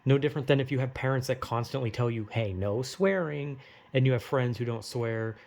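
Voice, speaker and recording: Gravelly man rambling casually. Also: medium pitch, flat delivery, quick pace, darkish tone. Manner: rambling, heavy filler words, casual swearing. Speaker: vlogger. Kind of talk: casual monologue.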